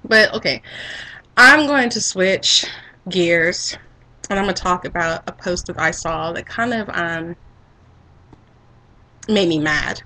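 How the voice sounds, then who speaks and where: A woman vlogger delivering a casual rant to camera, sassy and animated, breaking into laughter often. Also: fairly low pitch, takes it slowly, pauses often, low-quality recording.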